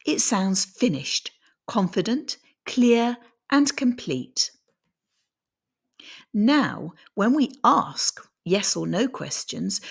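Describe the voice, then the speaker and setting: A woman giving a scripted English pronunciation lesson, deliberately demonstrating how her voice rises and falls. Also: on the low side, gravelly, slightly rough.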